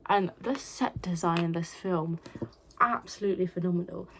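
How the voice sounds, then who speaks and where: Chatty woman, young, slightly low voice. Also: moderate pace, a little hiss or hum. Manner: chatty, many likes and trailing restarts, drops to near whispers. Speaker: film vlogger. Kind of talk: casual film review monologue.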